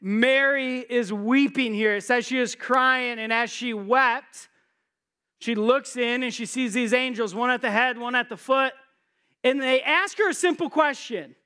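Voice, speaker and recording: A man's voice: very high-pitched, measured pace, pushed and bright, smooth. A man preaching a sermon in a conversational way, posing rhetorical questions to his listeners and slipping in jokes. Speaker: pastor.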